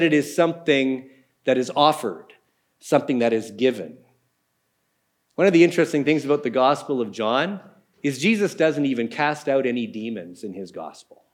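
A man gives a sermon in a relaxed, explanatory way, walking his listeners through scripture and stopping for small casual asides. His voice sits a little higher than most men's. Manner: conversational, explanatory teaching with asides. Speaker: pastor.

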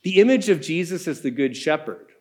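A man gives a sermon in a relaxed, explanatory way, walking his listeners through scripture and stopping for small casual asides. His voice sits a little higher than most men's. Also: a little fast. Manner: conversational, explanatory teaching with asides. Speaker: pastor.

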